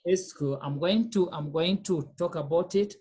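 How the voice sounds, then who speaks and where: A woman's voice: on the low side, moderate pace, warm tone, breathy edge. A woman teaching a French lesson, explaining patiently, repeating phrases and checking that students follow. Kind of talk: online class lesson.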